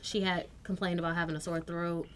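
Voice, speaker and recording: A woman's voice: lowish voice, level tone, fairly quick, slight background noise. A woman in her thirties co-hosting a podcast, telling family stories in casual chat with plenty of "like" and "um" fillers. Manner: chatty storyteller with many fillers. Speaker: podcast co-host.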